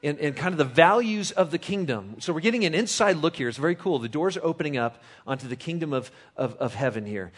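A man's voice: a little high, animated, normal speed, a bit bright. A middle-aged man preaching a sermon to his congregation, conversational and teasing his listeners as he reads and explains scripture. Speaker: pastor.

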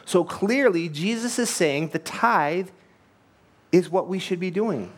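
A man's voice: high voice, animated, slow pace. A man preaching a sermon, earnest and emphatic, asking rhetorical questions and telling anecdotes. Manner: tells anecdotes with light laughs. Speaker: pastor.

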